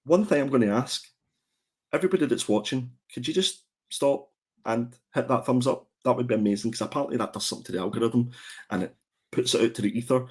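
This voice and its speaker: A man's voice: medium pitch, fast, a little mellow, slightly rough. A man hosting a casual comics livestream, chatty and prone to repeating his words as he goes. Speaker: comic show host.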